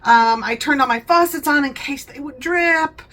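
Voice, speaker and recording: A woman's voice: high-pitched, normal speed, a bit bright, rough recording. A talkative woman hosting a home vlog, rambling chattily and laughing often. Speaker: vlogger, channel host.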